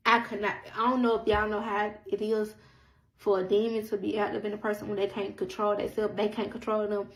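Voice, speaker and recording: Gravelly woman telling a story. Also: mid-range voice, fairly quick, low-quality recording. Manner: animated, quotes others, repeats herself. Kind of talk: casual storytime monologue.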